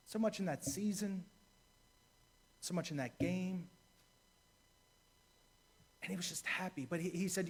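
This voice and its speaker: A man's voice: sits high, measured pace, long pauses, slightly rough. A man, a deacon, preaching a sermon in a church, telling a story and repeating key phrases for emphasis.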